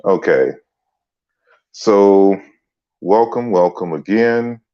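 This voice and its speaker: A man hosting a relaxed livestream lecture, greeting viewers by name as he talks. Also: low voice, drawn-out words, highs cut off. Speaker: livestream host and author. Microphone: computer mic on a stand.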